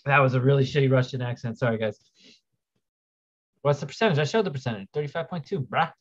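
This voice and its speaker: A man's voice: mid-range voice, quick pace. A man hosting a casual livestream, rambling as he reads viewer questions aloud and answers them. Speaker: livestream host. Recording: dull lo-fi stream audio.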